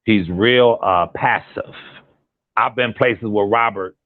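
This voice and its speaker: A man, a guest on a call-in commentary chat, talking in an animated, repetitive and emphatic way. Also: fairly low pitch, slow pace, dry recording. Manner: animated, repetitive and emphatic, drops into imitated quotes. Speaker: guest on a commentary channel, relative of a defendant. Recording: tinny phone line.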